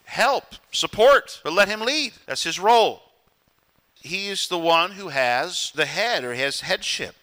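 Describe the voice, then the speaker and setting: A man's voice: high-pitched, animated, measured pace, pushed and bright. A man preaching a sermon as pastor, earnest and direct, acting out the voices of the people he quotes and chuckling between points.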